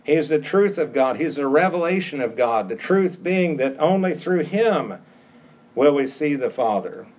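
A man's voice: on the high side, expressive, unhurried, darkish tone. A middle-aged male pastor preaching a sermon, emphatic and repeating phrases for stress.

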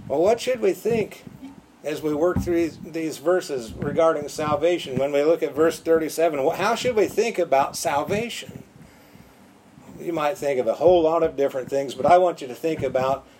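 Male preacher, slightly high voice, emphatic and repetitive, light room noise. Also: moderate pace, darkish tone, low-quality recording. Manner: emphatic, repeats words for stress. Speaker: pastor. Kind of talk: sermon.

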